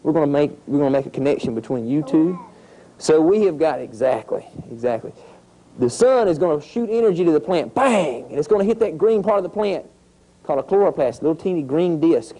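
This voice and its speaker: A man with a drawl leads schoolchildren through an outdoor lesson. He tells it as a lively story, tossing in sound effects and questions for the kids. His voice is warm and mellow. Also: fairly high pitch, brisk, poor audio. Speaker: environmental educator. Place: outdoors at a nature center.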